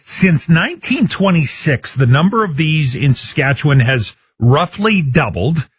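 A man's voice: a little high, very animated, a little slow, husky, no echo, clean studio sound. A man hosting a live call-in radio quiz show, chatty and upbeat, taking listener guesses. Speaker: radio talk show host.

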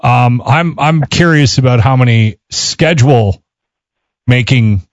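A man's voice: medium pitch, no room sound. Wry, chatty male radio host. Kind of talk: casual interview questions. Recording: dull lo-fi sound.

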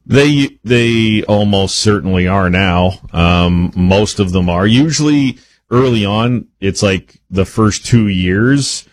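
A man co-hosting a sports radio talk segment, opinionated and animated, speeding up when he makes his point. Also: fairly low pitch, slow pace, dry recording, low-quality recording.

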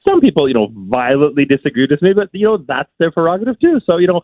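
A man's voice: fairly high pitch, sing-song, fast talker, no room sound. A man from Saskatchewan, a local musician, chatting as a guest on a radio show, talkative and enthusiastic with lots of "you know" fillers. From Saskatchewan, Canada. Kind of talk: casual radio interview chat. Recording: tinny phone line.

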